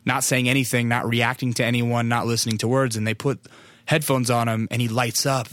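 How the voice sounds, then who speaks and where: A man's voice: mid-range voice, little pitch movement, fairly quick, a bit bright, dry recording. An American man hosting a podcast, telling a long rambling story in a loose, profane, conversational way before an interview. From United States. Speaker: podcast host. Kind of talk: casual podcast monologue and interview.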